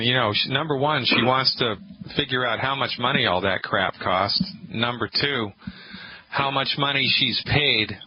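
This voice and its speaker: A man hosting a call-in health radio show, talking in an animated, sarcastic and emphatic way. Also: mid-range voice. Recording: muffled radio broadcast with faint hiss.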